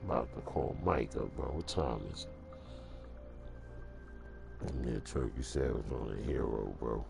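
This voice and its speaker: A man's voice: rumbling low, moderate pace, gravelly, pauses often, over music. A man ranting casually to camera in a streetwise, emphatic way. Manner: streetwise, emphatic, repeats "bro". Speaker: vlogger.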